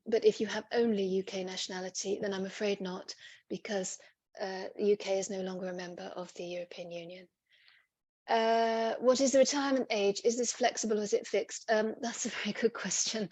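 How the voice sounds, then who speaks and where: Flat-toned woman, webinar Q&A. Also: medium pitch, no echo. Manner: reads out questions, then answers them patiently. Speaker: presenter answering audience questions. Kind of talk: online webinar Q&A. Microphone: video call.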